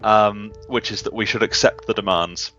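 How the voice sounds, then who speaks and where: A man's voice: on the low side, fairly even intonation, moderate pace, bright, forceful tone, muffled recording, faint music behind. A man casually chatting while playing a strategy game with his brother, reasoning his choices through at length. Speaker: co-op gamer. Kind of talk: casual gameplay chat.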